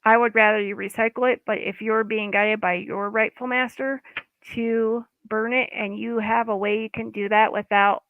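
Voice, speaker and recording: A woman's voice: fairly high pitch, steady tone, normal speed, a little hiss or hum. A woman giving a casual, guided self-help talk as an EFT coach, informal and chatty, sometimes losing her words. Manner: chatty, informal, loses words mid-sentence. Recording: dry, phone-like line.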